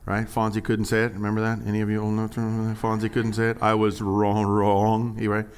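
A man preaching a sermon, animated and jokey, swinging from quiet asides to loud, high exclamations. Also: racing, clean tone. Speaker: pastor.

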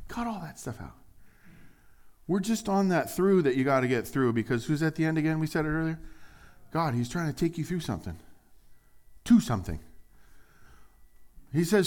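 A man preaching a sermon as pastor, animated and jokey, acting out little dialogues in put-on voices. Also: on the high side, normal speed, long pauses.

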